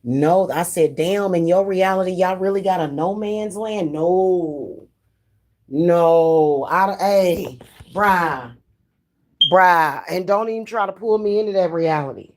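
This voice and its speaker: Give me a woman psychic, chatting slowly in a slangy, profane way. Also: on the low side. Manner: slangy, loose and profane, laughs often. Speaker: spiritual reader and spellworker. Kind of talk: casual livestream chat.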